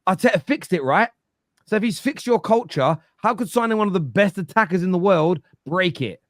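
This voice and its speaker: A man's voice: sits high, expressive, brisk, fairly bright tone, dry recording, studio quality. A man giving football opinions on a fan show, emphatic and lecturing, often repeating himself. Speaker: football pundit. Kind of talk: animated football opinion talk.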